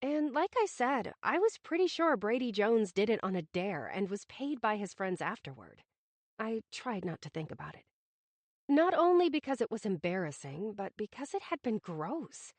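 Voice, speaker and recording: A woman's voice: medium pitch, sing-song, moderate pace, no echo. A woman narrating a first-person romantic comedy audiobook in a wry, self-conscious manner, from a studio booth on a close mic.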